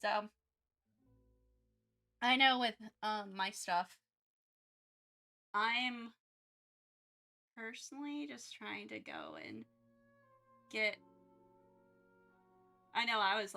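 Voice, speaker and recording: A young woman chatting casually on her art livestream, excitable and rambling with lots of fillers as she gushes thanks. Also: mid-range voice, takes it slowly, pauses often, faint music behind. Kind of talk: casual live-stream chat.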